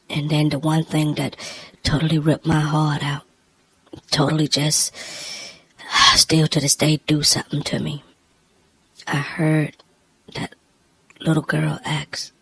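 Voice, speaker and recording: A woman telling a personal story, emotional and close to tears, in a halting, hushed voice that often drops near a whisper. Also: low-pitched, monotone, creaky, breathy edge, no room sound, low-quality recording.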